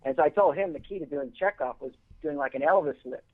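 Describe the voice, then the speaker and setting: A man's voice: fairly high pitch, fast talker. A man, a guest actor on the show, chatting casually and rambling with lots of restarts. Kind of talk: casual chat. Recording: phone-line audio.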